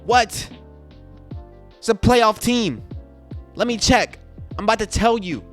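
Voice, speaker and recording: A man's voice: high voice, lively intonation, normal speed, faint music behind. A man hosting a sports podcast, ranting casually and emphatically with indignant rhetorical questions. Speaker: podcast host.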